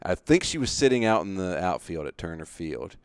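A man with a fairly low, smooth voice tells a story in casual chat, animated and quick to laugh. The sound is dry and close. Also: dry recording. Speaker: podcast co-host, baseball fan.

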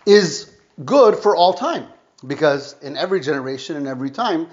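A man's voice: a little high, lively intonation, normal speed. A man giving a weekly Torah lesson, explaining patiently with frequent fillers and restatements. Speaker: Torah teacher. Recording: dull lo-fi recording.

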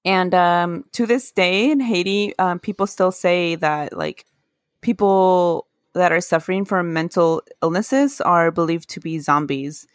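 A woman with a lowish voice talks through folk history in a relaxed podcast chat. She is earnest and laughs at herself when she trips over a word. The sound is close and dry, with no room around it. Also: unhurried, dry recording. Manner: earnest, laughs at own mispronunciations. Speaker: podcast co-host. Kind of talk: casual chat, telling folklore history.

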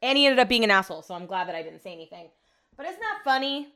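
A woman's voice: a little high, very animated, very fast, a bit bright. A young woman hosting her own podcast, telling rambling, self-deprecating stories in a casual chat. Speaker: podcast host. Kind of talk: casual solo podcast monologue.

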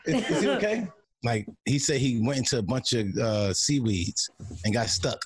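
A man's voice: mid-range voice, big pitch swings, normal speed, crowd noise. A man co-hosting a podcast in casual, profane chat, laughing often. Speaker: podcast co-host.

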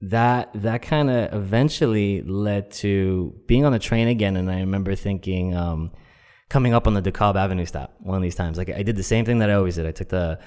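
A man's voice: sits low, brisk, darkish tone, clear, resonant tone. A man telling a personal story in a casual, rambling way, with lots of fillers. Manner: rambling, many fillers, acts out quoted voices. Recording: long echoey reverb.

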